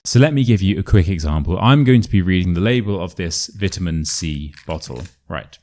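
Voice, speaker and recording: Speaking in a Modern RP British accent, a man teaches a pronunciation lesson with clear, careful enunciation and an upbeat coaching style. His voice sits low and is a little mellow, animated, and fairly quick with few pauses.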